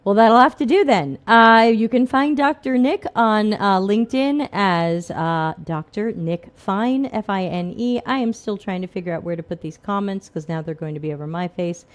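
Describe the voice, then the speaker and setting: A woman's voice: mid-range voice, normal speed, few pauses. A middle-aged woman hosting a casual live Q&A stream, chatty and self-deprecating, laughing often. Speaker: livestream host. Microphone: desk microphone.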